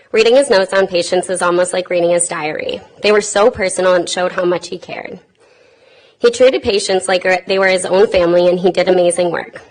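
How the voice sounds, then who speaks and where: A woman in her twenties, a granddaughter, reading a heartfelt eulogy with tender warmth and touches of light humor in a funeral chapel. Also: on the low side, poor audio. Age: 20s. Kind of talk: read eulogy.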